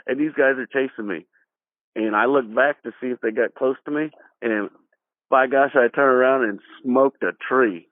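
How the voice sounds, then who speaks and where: A middle-aged man telling childhood stories in a casual interview, animated, acting out voices and laughing as he goes. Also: medium pitch, no room sound. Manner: animated, acts out quoted voices, laughs through his own story. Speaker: guest. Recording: dry, tinny phone-like audio.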